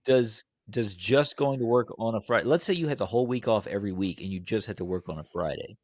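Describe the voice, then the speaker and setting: Co-host: low-pitched man, curious and questioning, dry home mic. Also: lively intonation, quick pace, darkish tone, dry recording. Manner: curious, keeps pressing a question. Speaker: podcast co-host. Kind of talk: casual chat.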